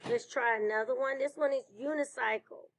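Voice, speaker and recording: A woman teacher leading a slow phonics lesson for children, praising answers. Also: high-pitched, steady tone, poor audio. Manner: slow, clear classroom delivery with praise.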